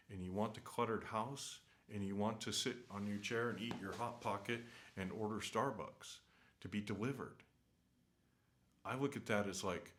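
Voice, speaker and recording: A man with a very low voice rambles through an unscripted vlog rant. He talks casually from a hotel room, earnest and opinionated, and keeps circling back with fillers and half-started sentences. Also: fairly bright tone. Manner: rambling, many fillers and restarts. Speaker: travel vlogger.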